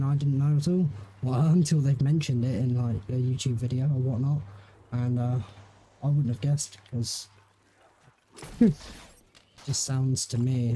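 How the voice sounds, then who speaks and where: A man's voice: mid-range voice, mellow. A young English man chatting casually while livestreaming a game, rambling and laid-back with lots of fillers. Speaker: gaming livestreamer. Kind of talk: casual chat while streaming.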